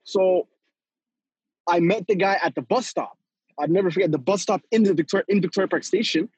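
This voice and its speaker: A young man tells a story on a casual podcast, high-pitched and a little husky. He is animated, laughs a lot and acts out every quote. The sound is close and dry. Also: a little fast, no echo, lo-fi sound. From Toronto, Canada. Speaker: guest storyteller.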